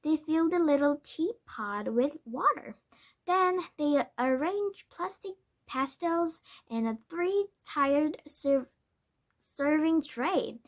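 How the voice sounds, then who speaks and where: A woman reading a children's storybook aloud, careful and steady, now and then correcting a word. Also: high voice. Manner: careful, with small self-corrections. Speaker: storybook reader. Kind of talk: children's book read-aloud.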